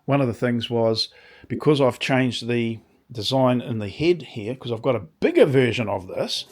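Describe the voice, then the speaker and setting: A man with a slightly croaky voice, talking casually through a workshop demonstration with rambling asides and dry understatement. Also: mid-range voice, expressive, normal speed, a little mellow. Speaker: workshop video maker. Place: small home workshop.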